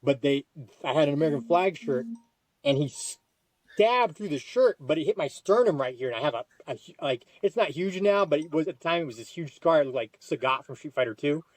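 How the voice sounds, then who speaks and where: A man telling a long personal story in casual talk, with many restarts and excited jumps in pitch. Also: fast, dry recording. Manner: animated, jumps to high excited quoted lines; frequent restarts and repetitions. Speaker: podcast guest.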